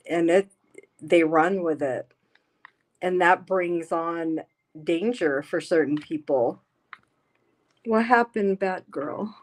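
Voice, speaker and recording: A woman hosting a casual livestream, reading the chat aloud and talking bluntly with plenty of swearing. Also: lowish voice. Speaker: livestream host. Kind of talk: casual live-stream chat. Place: home.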